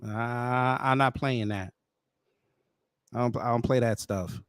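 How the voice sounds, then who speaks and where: A man's voice: medium pitch, fairly even intonation, slow, a bit bright, smooth, dry recording, clean studio sound. A man hosting a casual commentary show, blunt and mocking in his asides.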